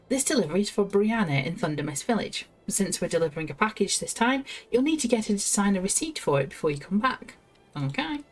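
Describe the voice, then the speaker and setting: A woman streaming a video game, chatting casually, laughing to herself and reading quest text aloud. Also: medium pitch. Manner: chatty, giggly, talks to herself.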